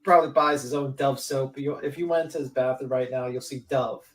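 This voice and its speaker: A man's voice: medium pitch, fairly even intonation, brisk. A man on a live online panel, mocking and joking in casual chat. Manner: mocking, joking, riffs in impressions.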